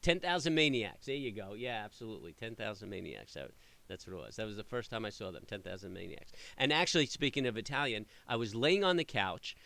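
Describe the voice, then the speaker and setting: A middle-aged man talks casually and animatedly, rambling from story to story. His voice sits a little low but sounds bright and forward. He leans on plenty of ums and restarts as he goes. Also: lively intonation, fast, creaky. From New York area. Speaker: trading channel host. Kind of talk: casual chat answering live viewers.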